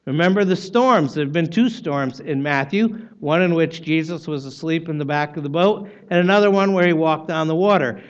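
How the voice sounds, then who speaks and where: A man delivers a sermon in a high-pitched voice. He pushes hard on key words and then lets his points fall away softly. The recording sounds muffled and lo-fi. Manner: emphatic, rising loud for stress and dropping soft at ends. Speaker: pastor.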